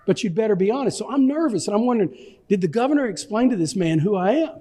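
A man from Texas, a pastor telling an animated, self-deprecating story with stammering restarts. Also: sits high, fast, long reverb tail. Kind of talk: anecdotal storytelling in an interview.

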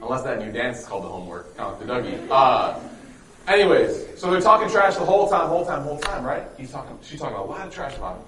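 A man's voice: medium pitch, big pitch swings, quick pace, background noise. A man telling a religious story to a live audience, joking and quizzing them as he goes, heard in an echoey room from a distant mic. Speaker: youth speaker.

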